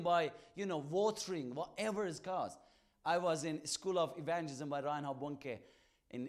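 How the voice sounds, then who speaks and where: A man telling an evangelist's testimony, acting out both sides of his conversations in emphatic, halting, non-native English. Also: sits high. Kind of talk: testimony storytelling.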